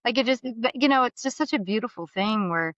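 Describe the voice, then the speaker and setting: A middle-aged woman as a podcast guest, telling candid, animated stories and acting out the voices she quotes. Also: fairly high pitch, quick pace, dry recording. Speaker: guest, mortgage business leader. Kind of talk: candid storytelling interview. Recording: slightly dull studio sound.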